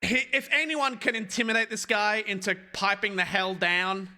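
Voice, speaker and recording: A young man performs stand-up on a live stream in a high, very bright, forceful voice at a normal speed. He tells an animated anecdote full of energy, constantly pausing to talk to his chat.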